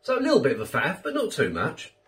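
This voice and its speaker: A middle-aged British man chats his way through a food review in a rambling, self-deprecating manner. His fairly high voice bounces around a lot in pitch. He sits a little back from the mic. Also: wildly swooping pitch, fast, fairly bright tone, recorded from a distance. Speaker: food reviewer, channel host. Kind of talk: casual chat food review.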